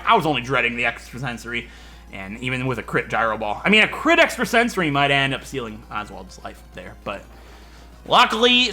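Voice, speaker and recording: A man hosting a Let's Play, reasoning through each move aloud in animated game commentary. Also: medium pitch.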